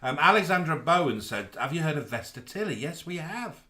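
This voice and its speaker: Animated, bright-toned man on a live stream. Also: fairly high pitch, a little fast. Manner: animated, stumbles over words. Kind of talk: casual chat.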